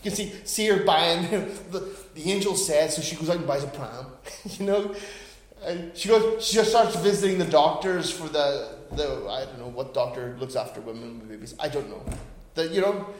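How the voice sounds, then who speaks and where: Man in his forties, pastor, high voice, dynamic sermon delivery, roomy echo. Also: expressive, normal speed. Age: 40s. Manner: dynamic preaching, swings from hushed to loud and emphatic.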